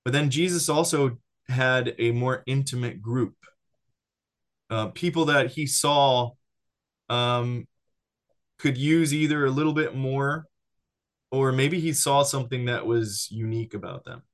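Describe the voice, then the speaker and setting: A man who has a child, teaching casually about discipleship in an animated way, often restarting and checking in with "right?". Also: mid-range voice, a little slow. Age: adult with a child.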